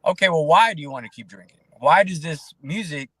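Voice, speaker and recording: A man in casual podcast conversation as a guest, talking in an animated, preachy way and acting out quoted voices. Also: fairly high pitch, a little fast, slightly rough.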